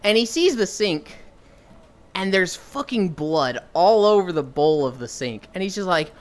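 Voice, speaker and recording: A woman's voice: on the low side, expressive, unhurried. A young woman streamer telling casual stories to chat, swearing freely and acting out quoted people in raised voices. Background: faint music.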